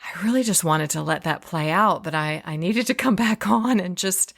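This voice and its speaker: A woman hosting a faith podcast, talking in a soft, meditative way and reading affirmations slowly with long pauses. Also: lowish voice, vocal fry. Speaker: podcast host. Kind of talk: reflective podcast conversation and guided affirmation reading.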